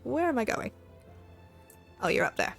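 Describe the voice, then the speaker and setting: A woman's voice: a little high, very animated, normal speed, gravelly, fairly bright tone, faint music behind. Laughing woman streamer, casual game chat. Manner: laughs often, swears casually. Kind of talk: casual gameplay commentary.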